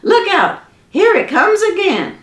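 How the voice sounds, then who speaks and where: A woman's voice: fairly high pitch, big pitch swings, a little slow, a bit bright. A woman voicing a frantic old mountain granny who hollers in panic. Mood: panicked. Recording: echoey room.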